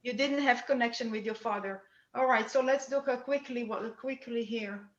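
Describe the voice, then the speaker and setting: Woman psychic medium, high bright voice, halting and repetitive delivery, echoey lo-fi room sound. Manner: halting, repeats words while searching. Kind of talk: mediumship reading at a church service.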